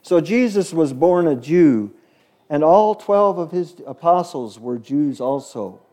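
A man's voice: a little high, animated, measured pace, dark tone. A man teaching a Bible story to children in a chatty way, asking them questions along the way. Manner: asks the listeners questions, chatty.

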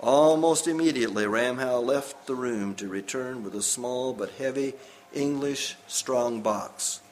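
A man reading a story aloud in a measured, grave way. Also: mid-range voice, slight background noise.

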